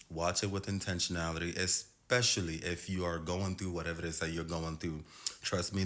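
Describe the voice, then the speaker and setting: A very deep-voiced Nigerian American man talks straight to his viewers in a loose, slangy monologue. His tone is bright and forceful, and he drawls certain words out for emphasis. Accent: Nigerian American, switching between Nigerian and American. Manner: expressive, slangy, laughs often, drawls for emphasis. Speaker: vlogger. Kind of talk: casual monologue to camera.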